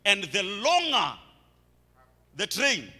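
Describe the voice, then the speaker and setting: A young man with a Kenyan accent preaching a sermon, mixing English with quick Swahili asides. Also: sits high, wildly swooping pitch, pushed and bright. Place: large church hall. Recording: echoey church hall.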